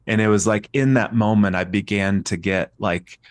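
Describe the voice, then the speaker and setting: A man's voice: lowish voice, steady tone, moderate pace, dry recording. A man talking as a therapist guest on a podcast, reflective and searching, often restarting his sentences. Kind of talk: podcast conversation.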